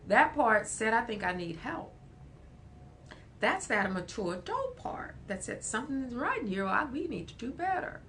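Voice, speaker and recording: An emphatic woman counselor speaks on a livestream in a voice of middling pitch. She talks with animated emphasis and laughs easily. A faint low rumble sits under the recording. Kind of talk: livestream talk.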